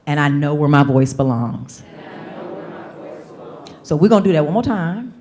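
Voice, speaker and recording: A woman speaker and coach giving a lively motivational keynote from a conference stage, leading the audience in call-and-response. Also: sits low, normal speed.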